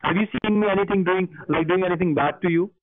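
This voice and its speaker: A man's voice: high-pitched, quick pace, no echo. A man, a phone scammer posing as tech support, who insists and repeats his questions over and over. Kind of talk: pushy scam phone call. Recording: tinny phone line with faint music.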